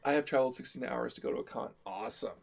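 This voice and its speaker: A man's voice: medium pitch, rapid-fire, gravelly. A man telling a comic story as a live-stream co-host, talkative, laughing through it and acting out the quotes.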